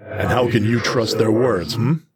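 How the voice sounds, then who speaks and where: A man's voice: lowish voice, steady tone, measured pace, background noise, close to an everyday voice. A man voicing a large, growling male feral beast who questions sternly and menacingly. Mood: probing. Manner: stern, probing interrogator.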